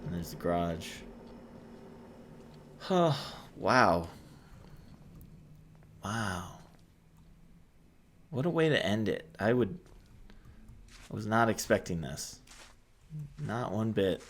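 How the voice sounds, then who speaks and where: A man hosting a gaming channel, giving quiet, soft-spoken let's-play commentary and musing aloud as he explores. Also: on the low side, animated, takes it slowly, pauses often, slight background noise.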